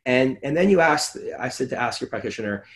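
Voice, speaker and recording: Animated man chatting. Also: medium pitch, fairly quick. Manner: animated, acts out conversations with patients. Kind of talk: casual podcast chat.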